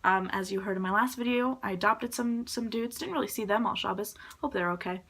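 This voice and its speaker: A woman's voice: medium pitch, brisk, creaky, fairly bright tone, slightly rough. A young woman vlogging in a casual, rambling chat to her camera, full of fillers and little laughs. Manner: rambling, filler-heavy, giggly. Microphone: phone or camera propped on a suitcase.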